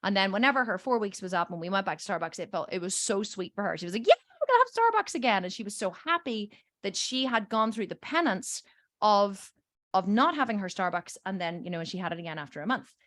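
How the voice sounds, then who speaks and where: A woman's voice: mid-range voice, expressive, fast talker, fairly bright tone, dry recording, studio quality. A woman hosting a coaching podcast, a mother telling a story in an emphatic, swearing way and acting out the voices of the people in it. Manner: acts out quoted voices in her stories. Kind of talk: storytelling monologue.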